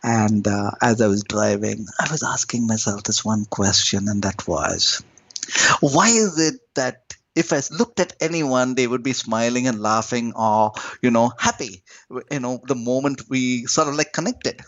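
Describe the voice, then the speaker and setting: A man's voice: dry recording, muffled recording. Man teaching spiritual practice, swooping intonation. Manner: slow, emphatic, lilting with sudden rises and drops in pitch and loudness. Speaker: spiritual teacher, podcast guest.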